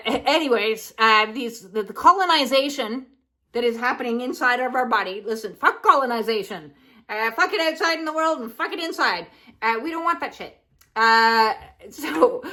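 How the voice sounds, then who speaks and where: A woman's voice: a little high, sharp tone, poor audio. A woman talking casually in a wellness vlog, frank and jokey, swearing freely. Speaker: wellness vlogger. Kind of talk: casual health vlog talk.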